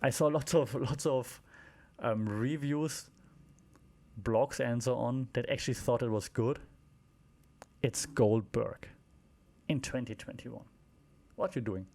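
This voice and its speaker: A man's voice: medium pitch, slow pace, pauses often, mellow. A man hosting a wrestling podcast, recapping shows in a casual, rambling way with many fillers, restarts and wry asides.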